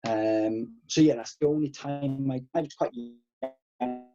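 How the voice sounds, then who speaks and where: A man in his thirties, a karate instructor guest, telling animated stories and swearing freely. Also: medium pitch, slow, lo-fi sound, soft background music. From Wales. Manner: animated, swears freely, acts out past exchanges. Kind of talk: casual podcast storytelling.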